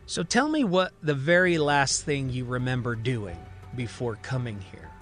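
A man voicing a skeptical woman psychiatrist who quietly probes her patient with questions. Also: mid-range voice, expressive, unhurried, faint music behind. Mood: probing.

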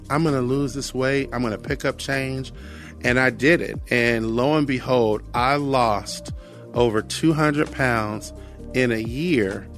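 A man's voice: mid-range voice, fairly bright tone. An earnest middle-aged American man sharing a personal testimony, reflective, often repeating phrases. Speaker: guest sharing his testimony.

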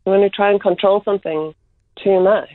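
A woman's voice: mid-range voice, steady tone, dry recording. Woman speaking over a phone-like line. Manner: measured, slows down on key words. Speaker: art workshop facilitator, guest. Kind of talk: reflective interview answers.

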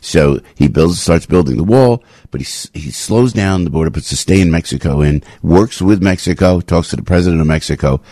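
A man hosting a talk radio show, delivering an opinionated rant that keeps repeating itself and suddenly leaps up into a high pitch. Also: fairly quick, few pauses, warm tone, no echo. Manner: ranting, repetitive, sudden jumps to a high pitch. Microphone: studio radio microphone.

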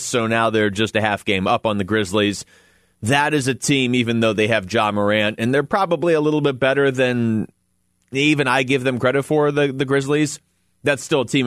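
A man's voice: mid-range voice, fairly bright tone, no echo. Male sports radio host, chatty and easy, mid-range voice, dry close studio mic. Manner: chatty, laughs often, quick asides. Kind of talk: casual sports radio talk.

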